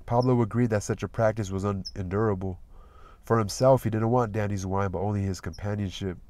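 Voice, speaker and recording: The clip has a male audiobook reader voicing a novel in a lowish, steady, measured way. Miking is close, the sound is dry, and no room sound comes through.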